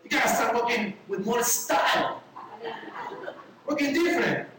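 A woman preaching a sermon, calling out her lines with emphatic rises in pitch. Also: unhurried, a bit bright. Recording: echoey hall from far off.

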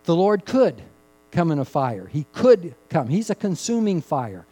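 A man preaching a sermon, rising to loud emphatic peaks and dropping to hushed, drawn-out phrases, repeating key words for emphasis. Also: fairly high pitch, sing-song, rough recording. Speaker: pastor.

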